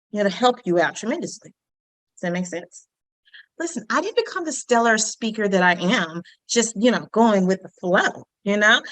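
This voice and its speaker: A woman's voice: on the high side, bright, forceful tone, dry recording, poor audio. A woman teaching an online communication workshop, chatty and humorous, throwing jokes into her lessons. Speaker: workshop instructor.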